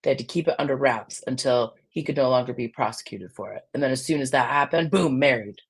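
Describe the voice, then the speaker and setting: A podcaster with a raspy voice, chatting casually in a blunt, heated way that swings from loud outbursts to low mutters. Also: fast talker. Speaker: podcast co-host.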